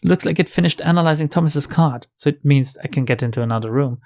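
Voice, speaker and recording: A woman's voice: low-pitched, fast talker, a little mellow. A woman reading aloud as a frightened young woman detective hiding from a monster in a game, stammering and pleading. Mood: anxious. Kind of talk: reading a visual novel's lines aloud.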